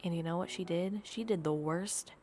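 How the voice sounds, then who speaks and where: A tired young woman chatting casually in a vlog, ranting in a dramatic, exaggerated way with low energy. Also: normal speed, warm tone, soft background music. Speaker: video creator. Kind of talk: casual gaming vlog chat.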